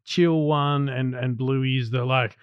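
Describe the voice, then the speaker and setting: A man co-hosting a podcast in casual chat, playful and quick to laugh. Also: mid-range voice, fairly even intonation, smooth, no echo. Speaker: podcast co-host. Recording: slightly dull, dry sound.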